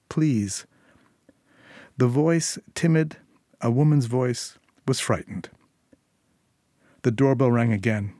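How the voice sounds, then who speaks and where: Guy narrating a short story, measured and tense, dry close audio. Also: mid-range voice, a little mellow, no echo.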